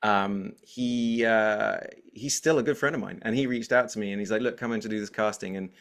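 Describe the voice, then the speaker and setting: An English man in his forties talks as a guest in a relaxed interview. He is energetic and talkative, and he tells his stories in a lively, animated way. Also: lowish voice, a little fast. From England. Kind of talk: casual interview chat.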